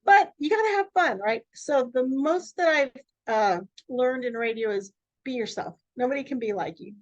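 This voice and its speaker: High-voiced, emphatic radio host woman. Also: moderate pace, no echo, dull audio. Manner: emphatic, free-flowing, animated. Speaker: radio host and network owner. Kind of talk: casual interview talk.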